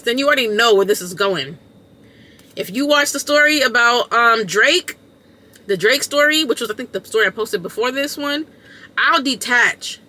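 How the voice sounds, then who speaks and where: A woman content creator telling a storytime vlog, animated and emphatic, in a casual slangy way that repeats points for effect. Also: a little high.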